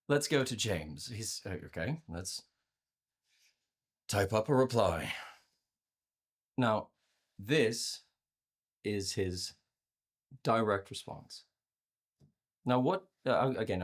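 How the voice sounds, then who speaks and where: A man presenting a workshop on communication to a virtual audience, conversational and animated, often repeating words as he restarts his sentences. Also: slow pace, long pauses. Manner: acts out inner voices with playful pitch jumps. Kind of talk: live talk to a virtual audience.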